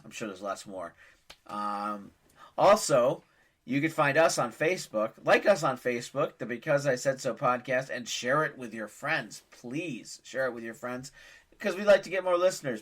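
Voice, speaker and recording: A man's voice: medium pitch, moderate pace, fairly bright tone. A man in his forties hosting a casual family podcast, a rambling joke-telling dad who pokes fun at himself. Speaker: podcast host and father.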